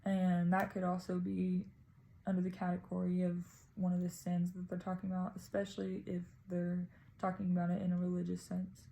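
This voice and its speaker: A woman's voice: on the low side, monotone, brisk, gravelly, mellow, slight background noise, rough recording. A woman casually talking through her reading of a poem, tentative and thinking aloud as a student presenting. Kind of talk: casual spoken poem analysis.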